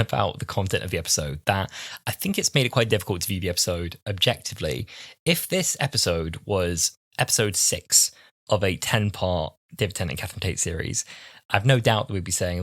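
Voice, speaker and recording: A man's voice: on the low side, a bit bright, dry recording, clean studio sound. A man in his twenties co-hosting a podcast, chatting casually and thoughtfully through a TV episode review. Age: 20s. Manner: chatty, reflective, quick asides. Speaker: podcast co-host.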